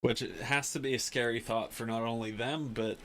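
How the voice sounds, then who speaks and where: A man's voice: medium pitch, steady tone, normal speed, a bit bright, slight background noise, poor audio. A man hosting a podcast, recapping casually with lots of fillers. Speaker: podcast host. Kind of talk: casual chat.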